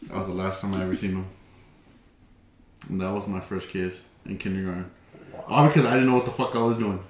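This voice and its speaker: A man's voice: low voice, fairly even intonation, fast talker, slight background noise. A young man who co-hosts a podcast, telling stories in a loose, profane, laughing way. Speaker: podcast co-host. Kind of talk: casual chat. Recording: roomy echoey room.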